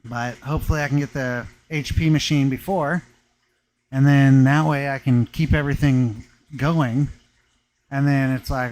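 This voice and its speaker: A man's voice: medium pitch, steady tone, moderate pace, darkish tone, rough recording. Man, laid-back, slangy, casual live chat, workshop, laughs often. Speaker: workshop vlogger talking to live viewers. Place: stone-working workshop.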